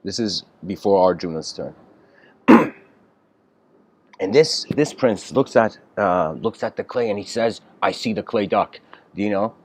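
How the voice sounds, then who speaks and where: Low-voiced man rambling through a story. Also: animated, measured pace, long pauses. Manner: rambling storytelling with fillers, frequent throat clearing. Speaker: lecturer. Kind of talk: informal spoken lecture telling a story.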